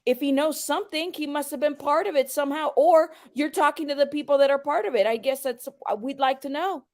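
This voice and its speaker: A woman's voice: high-pitched, a little fast. A woman hosting a livestream, heatedly confronting a viewer in her chat and pressing him to come on and explain himself. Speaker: livestream host.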